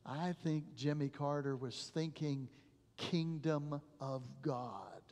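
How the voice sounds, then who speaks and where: Slow, high-voiced male preacher. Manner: dramatic storytelling, drops to a hush at phrase ends. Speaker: pastor. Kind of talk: sermon. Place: church sanctuary. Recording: long church reverb.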